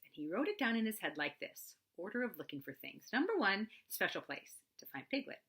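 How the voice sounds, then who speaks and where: Expressive woman reading a children's story. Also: medium pitch, brisk, few pauses, husky. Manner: expressive, animated.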